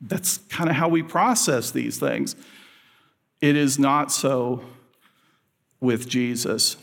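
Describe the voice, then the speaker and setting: A man's voice: mid-range voice, slow, creaky, a bit bright. A middle-aged man preaching a sermon in a conversational way, with chuckling asides. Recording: long hall reverb.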